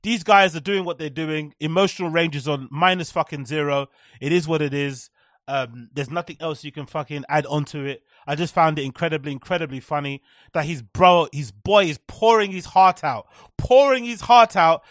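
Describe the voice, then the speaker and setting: High-voiced sarcastic man ranting. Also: normal speed, a bit bright, dry recording, clean studio sound. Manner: sarcastic, mocking, repetitive. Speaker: live-stream commentary host. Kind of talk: profane ranting commentary.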